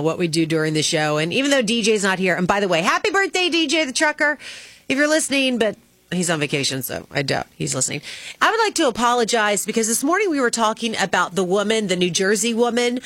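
A woman's voice: medium pitch, fairly bright tone, no room sound. A woman hosting a radio morning show, chatting in a self-deprecating way on a studio microphone.

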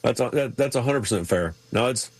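A man's voice: mid-range voice, animated, a little fast, husky, no echo. Easygoing man in a dry, close sound. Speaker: co-host. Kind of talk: casual chat.

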